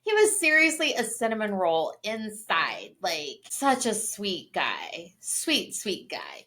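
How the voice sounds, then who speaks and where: A woman's voice: medium pitch, slow pace. A woman co-hosting a book review, chatting casually and gushing, with lots of "like" fillers. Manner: gushing, animated, many "like" fillers. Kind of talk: casual chat.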